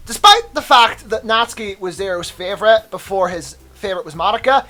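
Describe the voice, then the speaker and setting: A chatty young man gives casual let's play commentary, laughing and swearing as he stops again and again to rant. His voice sits at a middle pitch but comes across bright and sharp. Faint music plays beneath him. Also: animated, brisk, hardly any pauses.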